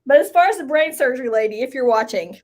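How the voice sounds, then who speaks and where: A woman's voice: sits high, expressive, quick pace, a little mellow. A woman from Kentucky co-hosting a live stream, chatting casually in a rambling way with lots of filler words.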